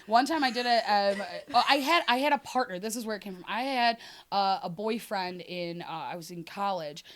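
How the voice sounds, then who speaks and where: A woman's voice: medium pitch, brisk, fairly bright tone. A woman comedian telling rambling stories in casual podcast chat, laughing through her own punchlines. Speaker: stand-up comedian, podcast guest or co-host. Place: podcast studio.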